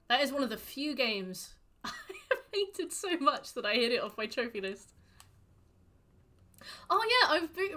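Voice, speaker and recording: A woman's voice: fairly high pitch, bright, forceful tone. A woman streaming a game, chatting casually with her viewers in a rambling, playful way. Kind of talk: casual chat while gaming.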